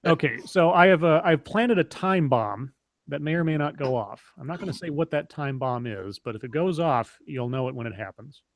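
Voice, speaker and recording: A man's voice: fairly high pitch, dry recording. Rambling man hosting a stream chat. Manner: rambling, halting with many restarts. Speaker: stream host. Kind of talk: casual podcast-style stream chat.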